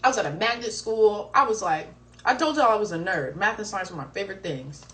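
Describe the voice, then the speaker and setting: A woman's voice: medium pitch, lively intonation, brisk, a bit bright, distant mic, rough recording. A young woman in her twenties on a livestream, telling a school story in a chatty, self-mocking way. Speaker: livestream co-host. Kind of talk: casual chat, storytelling. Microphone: phone livestream. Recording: voice set back from the phone mic.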